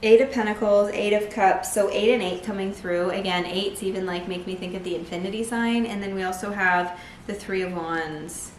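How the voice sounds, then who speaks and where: A woman giving a casual tarot reading to camera, chatty and full of "like", breaking into excited bursts now and then. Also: medium pitch, moderate pace, a little hiss or hum. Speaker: tarot reader. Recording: echoey room.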